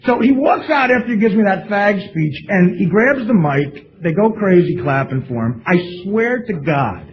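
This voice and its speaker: A man telling stories on a comedy club stage, loud and profane, laughing through his punchlines and dropping his voice low to mimic others. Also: expressive, normal speed, lo-fi sound, crowd noise. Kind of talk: live stand-up storytelling.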